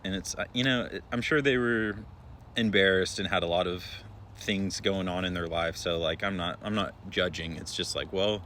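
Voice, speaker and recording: A young man who works as an emergency room nurse tells a story in a relaxed, chatty way, with many filler words. His voice sits a little low. A faint hum is heard behind him. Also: moderate pace. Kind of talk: casual storytelling to followers.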